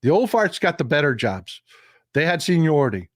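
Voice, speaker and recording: A man's voice: a little high, sing-song, moderate pace, no echo, clean studio sound. A man hosting a casual political commentary livestream, folksy and repetitive, talking straight to his chat.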